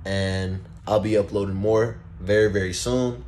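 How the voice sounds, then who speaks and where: A man narrating a story-time vlog in a casual, animated way, often calling out to his viewers. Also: on the low side, measured pace, slight background noise. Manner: animated, addresses viewers as guys and y'all. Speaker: storytime vlogger.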